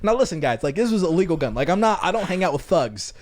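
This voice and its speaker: Lively, high-voiced joking man. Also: fast talker. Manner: animated, joking storyteller. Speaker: podcast host. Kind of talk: casual podcast chat.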